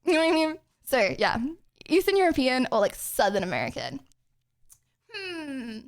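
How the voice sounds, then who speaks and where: A woman's voice: sits high, sing-song, moderate pace. Giggly, rambling young woman streamer. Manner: giggly, rambling, lots of "like" and "bro". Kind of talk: casual chat answering chat questions.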